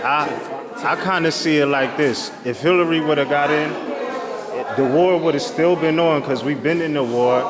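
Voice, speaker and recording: A man hosting a casual chat, steady and agreeable, often backing the other speaker. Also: a little high.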